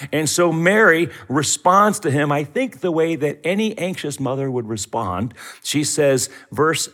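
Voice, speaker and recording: A man's voice: medium pitch, fairly bright tone. A middle-aged man preaching a sermon as pastor, telling the story with animation and acting out the voices in it.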